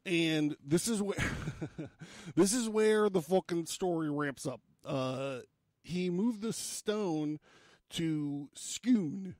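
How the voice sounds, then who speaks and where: A man with a somewhat high voice tells a history story on his podcast in a loose, conversational way. He swears freely and breaks off into jokey asides. The sound is dry and close. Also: very slow, darkish tone, no room sound. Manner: casual and profane, with jokey asides. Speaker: podcast host.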